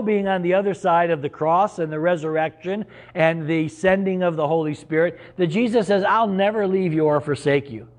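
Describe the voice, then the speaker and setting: A middle-aged man preaching a sermon as pastor, earnest and conversational, with sudden emphatic rises. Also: a little high.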